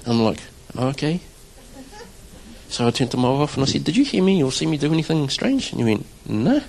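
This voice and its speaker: A man's voice: a little high, a little fast, vocal fry, poor audio. A man, a church drummer, telling a conversational testimony to a congregation and acting out his own reactions. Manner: conversational, animated storytelling with acted-out quotes.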